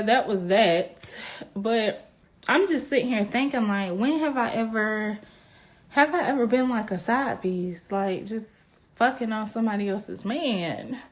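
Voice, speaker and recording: A young woman hosting her own podcast, telling a personal story in a frank, chatty way, laughing often and drifting off topic. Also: mid-range voice. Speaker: podcast host. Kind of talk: candid solo podcast storytelling.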